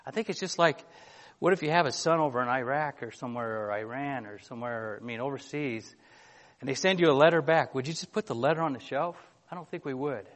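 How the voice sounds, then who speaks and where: A man preaching a sermon in a conversational, halting way, often restarting and filling gaps, reading scripture aloud. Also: mid-range voice, fairly bright tone.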